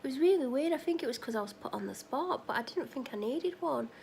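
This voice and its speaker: Woman, casual vlog chat, rambling asides full of "like", fairly high voice, faint room noise. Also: expressive, fast, creaky, a little mellow. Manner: rambling, talks in run-on asides, fills with "like"; retells conversations, acting out both sides. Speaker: vlogger. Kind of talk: casual chatty catch-up vlog.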